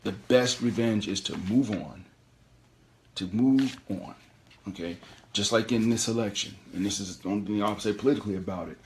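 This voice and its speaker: A middle-aged man hosting a call-in show, giving animated, preachy career advice and repeating his key phrases. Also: fairly low pitch, normal speed. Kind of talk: motivational career talk.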